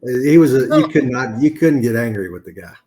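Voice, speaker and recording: A man, a sportswriter, telling a wry, brisk anecdote as a podcast guest. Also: medium pitch, lively intonation, mellow.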